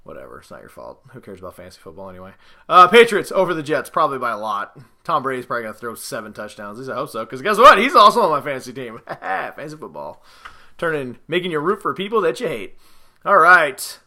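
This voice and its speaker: Here a man hosting a podcast offers football predictions in a mid-range voice that swings widely in pitch, talking fast with a sharp tone. His rambling picks come with jokes and sarcastic digs at teams and players.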